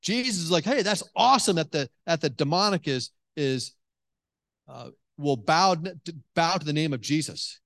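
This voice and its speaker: Animated male preacher, dry close sound. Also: fairly high pitch, normal speed, gravelly, no echo. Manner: animated storytelling, many restarts and "like". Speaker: pastor. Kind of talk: sermon. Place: church hall with congregation.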